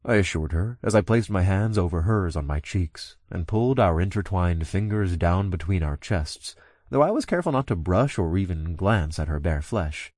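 A man's voice: low voice, animated, normal speed, a little mellow, no echo, studio quality. A young man narrating a first-person audiobook in an easygoing, lightly amused way, also speaking the narrator's own lines.

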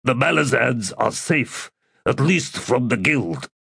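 A man's voice: medium pitch, expressive, slow pace, gravelly, a bit bright, slightly rough, dry recording, voice pushed up, full character voice. A man voicing a cornered master assassin who answers back with dry wit, strained and gasping. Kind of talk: audiobook narration.

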